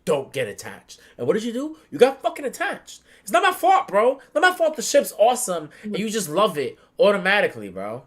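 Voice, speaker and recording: A man hosting a podcast, excitedly retelling a story with lots of swearing and acted-out reactions. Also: high-pitched, brisk, hardly any pauses. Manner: excitable, profane, acts out his own reactions. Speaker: podcast host. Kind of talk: animated casual storytelling.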